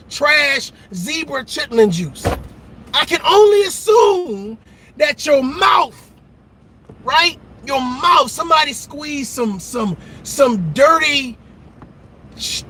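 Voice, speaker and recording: A man delivering a profane comedic rant about dating, laughing and shouting as he goes. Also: extremely high pitch, slight background noise. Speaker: dating commentator.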